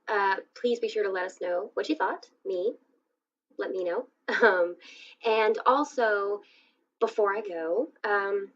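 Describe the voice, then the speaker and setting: A woman podcast host wrapping up the episode on her own, talking loosely with lots of fillers. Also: medium pitch. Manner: loose, casual, filler-heavy. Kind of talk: solo podcast outro. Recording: dull, lo-fi audio.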